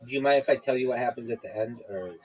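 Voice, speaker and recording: A man's voice: medium pitch, quick pace, rough recording. A man hosting a podcast over a video call, chatting casually and rambling with many fillers and restarts. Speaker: podcast host. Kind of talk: casual chat.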